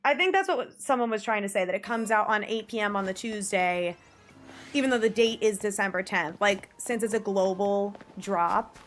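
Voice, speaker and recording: A woman streaming a game live, chatting casually and breaking into frantic shrieks and shouts when she gets scared. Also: medium pitch, normal speed, soft background music.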